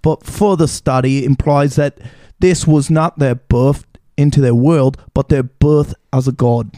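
A man co-hosting a casual comedy podcast, relaxed and joking as he reads out bits of trivia. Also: medium pitch, measured pace, dry recording. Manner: laid-back, reads trivia aloud. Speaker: podcast co-host.

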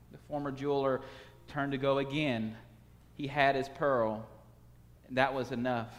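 A man telling a story aloud, acting out the dialogue in an animated way. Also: medium pitch, measured pace, long pauses. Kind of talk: spoken storytelling. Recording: long hall reverb.

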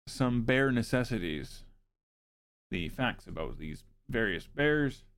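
A man hosting a streamed show, reading facts from his notes at a medium pitch. He breaks off into dry, joking asides before going back to the material, speaking close to his mic. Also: big pitch swings, slow pace, a bit bright. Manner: wry, joking asides between read facts. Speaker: show host.

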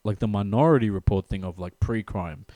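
A man's voice: on the low side, brisk, warm tone, dry recording. A man in casual chat who laughs often and stammers, repeating words as he starts a thought.

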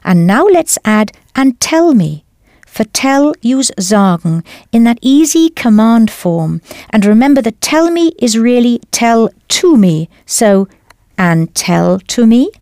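Woman teacher for a studio language course; lively, encouraging delivery, dry booth sound. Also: on the high side, slow, dry recording. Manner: clear, encouraging instruction. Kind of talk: scripted audio lesson.

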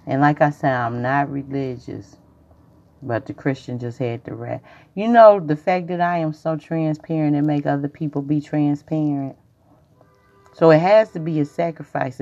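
A woman's voice: very deep voice, darkish tone, highs cut off. A woman hosting a rambling, preachy spiritual livestream monologue that circles back and repeats itself. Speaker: podcast host.

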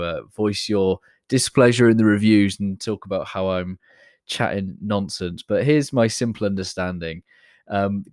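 Chatty low-voiced man. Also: a little mellow, dry recording, clean studio sound. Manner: chatty, self-deprecating, frequent fillers and restarts. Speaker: podcast host. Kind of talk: casual motivational monologue.

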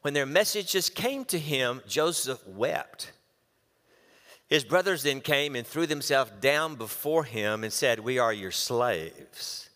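A pastor preaching a sermon, animated as he reads scripture and acts out the quotes. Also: fairly high pitch, slow pace, big-room sound. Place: church.

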